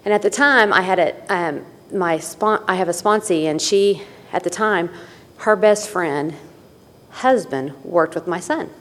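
A woman's voice: on the low side, measured pace, fairly bright tone. A middle-aged woman telling her personal story at a recovery meeting, candid and folksy with wry asides. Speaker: speaker sharing at a recovery meeting. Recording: long hall reverb.

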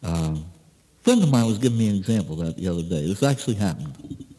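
A man's voice: sing-song, quick pace, mellow, slightly rough. A man, a priest, gives a sermon and tells a folksy anecdote, acting out the dialogue in a voice that climbs for each speaker. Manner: folksy storytelling, acting out dialogue with rising pitch. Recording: long reverb of a large hall.

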